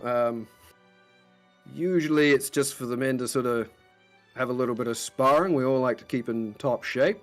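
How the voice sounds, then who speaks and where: A man's voice: mid-range voice, moderate pace, faint music behind, lightly acted. A man voicing an adult male captain of a town guard who hedges and over-explains everything, in a tabletop game. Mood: explaining.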